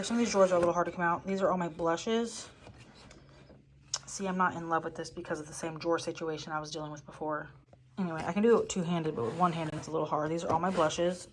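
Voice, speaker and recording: A woman's voice: lowish voice, fairly even intonation, quick pace, slight background noise. A young woman chatting casually through a room tour at home, interrupting herself and swearing offhand as she goes. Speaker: beauty vlogger. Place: home room being toured.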